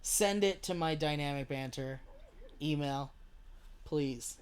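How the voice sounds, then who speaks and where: A man's voice: a little high, takes it slowly, clear, resonant tone. A man chatting casually while live-streaming a video game, rambling, joking and swearing freely as he talks to his chat. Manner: rambling, profane, jokey.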